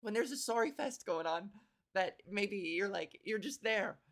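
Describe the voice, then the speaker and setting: In a relaxed comedic monologue, this young Canadian podcast host pokes fun at herself, breaks into frequent laughter, and acts out quick exchanges. Her voice is medium-pitched and expressive, with a buzzy quality to it.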